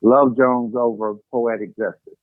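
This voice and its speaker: A man's voice: medium pitch, steady tone, measured pace, no echo, phone-quality sound. Phone-in co-host, man, dry thin line, easygoing and teasing. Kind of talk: casual chat about movies.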